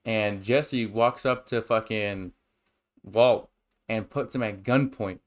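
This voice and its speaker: A young man co-hosting a casual chat and telling stories in a rambling, excitable, profane way. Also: fairly low pitch, slow. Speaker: podcast co-host.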